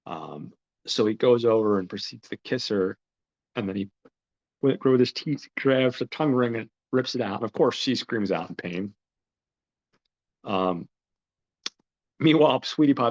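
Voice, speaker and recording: A man hosting a podcast, retelling a film's plot in a rambling, casual way with lots of fillers and swearing. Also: lowish voice. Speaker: podcast host. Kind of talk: casual film recap. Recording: dull lo-fi recording.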